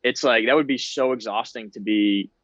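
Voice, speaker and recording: A man's voice: medium pitch, moderate pace, fairly bright tone, no echo, highs cut off. A man in his thirties, a guest on a podcast, talking in an easygoing, self-deprecating way. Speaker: guest ballplayer. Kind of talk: casual interview chat.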